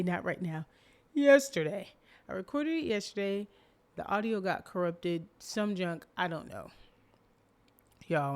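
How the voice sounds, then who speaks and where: A young woman hosting a casual solo podcast, talking expressively with dramatic emphasis and frequent laughter. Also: on the low side. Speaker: podcast host.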